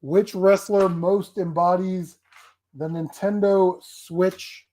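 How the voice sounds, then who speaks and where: A man's voice: sits high, fairly even intonation, slow, warm tone. A man hosting a casual live stream, rambling and laughing often. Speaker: streamer host.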